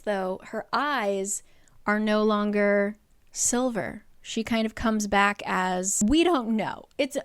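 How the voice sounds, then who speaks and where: A book recap creator, a woman with a smooth, medium-pitched voice, gives a casual, chatty rundown of a book's plot. She leans heavily on "like" and throws in the odd swear word.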